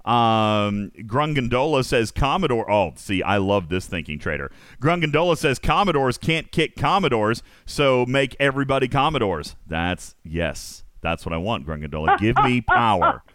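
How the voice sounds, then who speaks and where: A man's voice: medium pitch, moderate pace, hardly any pauses, no echo, studio quality. A man hosting a live stream, reading comedic news and joking with friends in a playful, teasing way. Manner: playful, joking, animated, drifts into silly asides. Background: music playing behind.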